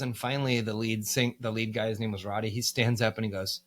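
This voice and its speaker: A man's voice: lowish voice, flat delivery, brisk, few pauses. An American man, a band musician, telling stories in a casual podcast interview, candid and profane, with plenty of fillers. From United States.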